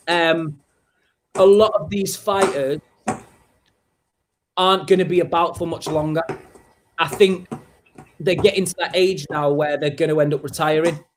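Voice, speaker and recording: Man, fairly high voice, casual chat, hesitant, repeats phrases. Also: slight background noise. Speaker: podcast co-host. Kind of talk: casual chat about MMA.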